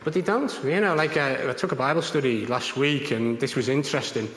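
Animated man in an echoey room. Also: a little fast. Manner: animated, acts out others' voices with big pitch jumps. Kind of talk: storytelling in conversation. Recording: echoey room with long reverb.

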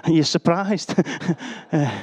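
A man's voice: on the high side, husky. A middle-aged man, preaching a sermon full of personal stories and self-deprecating jokes. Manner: chatty, self-deprecating, joking asides.

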